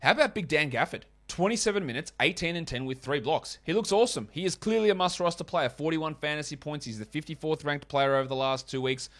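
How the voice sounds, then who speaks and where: A fantasy basketball podcast host with a voice on the high side, a bit bright, goes over quick stat rundowns and ad reads. He keeps things chatty with wry asides, and slight background noise can be heard.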